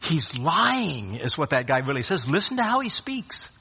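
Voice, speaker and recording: Husky-voiced preacher with a bright edge. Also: male voice, a little high, big pitch swings, brisk. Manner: dramatic swings between loud rises and hushed drops; repeats words when restarting phrases. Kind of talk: sermon. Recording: long hall reverb.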